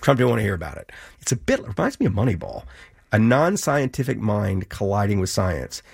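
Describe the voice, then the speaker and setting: A middle-aged man, the author and guest in an interview, telling animated stories and acting out the quoted exchanges. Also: on the low side, fairly quick, gravelly, slightly rough, no echo, studio quality. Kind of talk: conversational interview.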